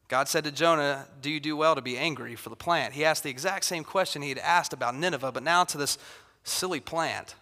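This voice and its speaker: A man preaching in a church sanctuary, his bright, forceful voice ringing through a reverberant hall. He talks in a relaxed, conversational way and acts out quotes with growing intensity. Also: on the high side, a little fast. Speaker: pastor. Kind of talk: sermon.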